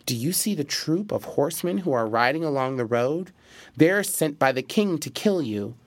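A man's voice: a little high, animated, moderate pace, no echo, voice pushed up, close to an everyday voice. A man voicing a sly, clever male fox who schemes with urgent, persuasive words.

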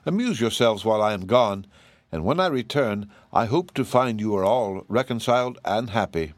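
A man's voice: fairly low pitch, expressive, moderate pace, no room sound, lightly acted. A man reading aloud, voicing a domineering, gloating female giantess witch in a storybook. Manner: domineering, pleased with her power.

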